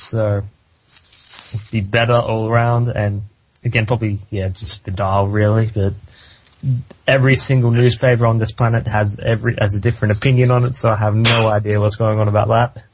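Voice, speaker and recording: A man, a guest on a casual football podcast, giving loose, halting answers with many fillers. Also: lowish voice, flat delivery, rough recording.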